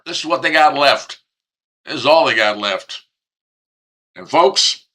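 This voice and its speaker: A man in his seventies hosts an opinion talk show, his voice sitting a little high for a man and swinging widely in pitch. He talks in a folksy, emphatic way and hammers his points home straight to the listener. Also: pushed and bright. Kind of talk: opinionated political commentary.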